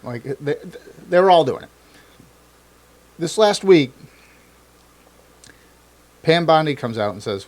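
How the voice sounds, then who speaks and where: A man co-hosting a casual political chat, talking in an animated way, swearing often and acting out what politicians said. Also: a little high, slow pace, pauses often. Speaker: co-host.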